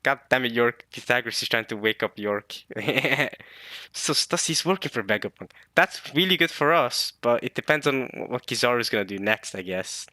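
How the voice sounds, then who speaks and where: A man casually reading a manga chapter aloud and reacting to it, excited and thinking out loud. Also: medium pitch, no echo, studio quality. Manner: excited, thinks aloud, reads lines in quick put-on voices.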